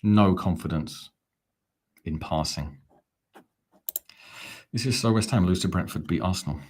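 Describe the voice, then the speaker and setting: A man's voice: sits low, a little slow, a little mellow, breathy edge. A man hosting a live fan watch-along, talking in a chatty, rambling, self-mocking way. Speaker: fan channel host.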